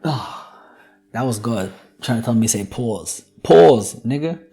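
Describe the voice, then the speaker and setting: A man's voice: mid-range voice, lively intonation, measured pace, mellow. A young man hosting a solo podcast, talking casually in a joking, profane, ranting way. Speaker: podcast host.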